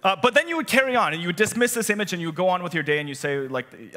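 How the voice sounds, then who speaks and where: A bright, lively male pastor preaching with playful asides and a lot of rise and fall in his voice. His voice carries a long reverb off the church hall. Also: a little high, rapid-fire. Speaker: youth director and teaching pastor. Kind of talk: sermon.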